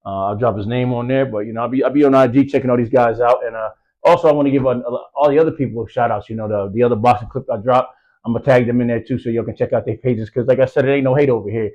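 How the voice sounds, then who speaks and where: A man's voice: mid-range voice, steady tone, rapid-fire, darkish tone, dull audio. A man giving casual boxing commentary, rambling with lots of fillers and street slang, from the US East Coast. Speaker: boxing news vlogger.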